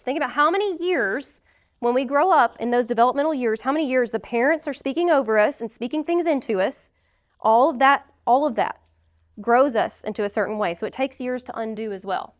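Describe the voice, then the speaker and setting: Earnest higher-voiced woman teaching a class. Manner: earnest and direct, shares personal stories. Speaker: class leader speaking to a group. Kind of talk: heartfelt teaching talk.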